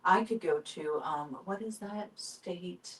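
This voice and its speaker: A young woman with Mexican roots co-hosting a podcast in casual chat, acting out little stories with lively voices. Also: fairly low pitch, slow pace, distant mic. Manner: animated, acts out phone calls in different voices. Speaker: podcast co-host.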